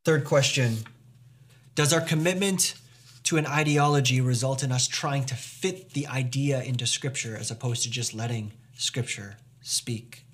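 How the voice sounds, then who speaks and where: A man's voice: medium pitch, moderate pace, a bit bright. A man preaching a sermon as pastor, earnest and emphatic, posing rhetorical questions to the congregation.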